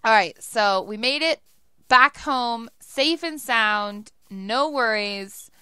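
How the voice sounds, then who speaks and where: A woman's voice: on the high side, slow pace, bright, forceful tone, clean tone, no room sound. A young woman giving casual let's play commentary, chatty and laughing often as she talks to herself while playing.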